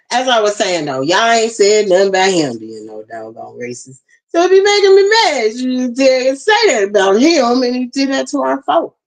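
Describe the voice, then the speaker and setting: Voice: medium pitch, low-quality recording. A live-stream host teaching a class, chatting casually with viewers and flustered by technical trouble, with lots of y'all and ain't, speaking into a tablet while wearing bone-conduction headphones. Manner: chatty, talks straight to the chat, flustered by tech trouble; uses plenty of y'all and ain't.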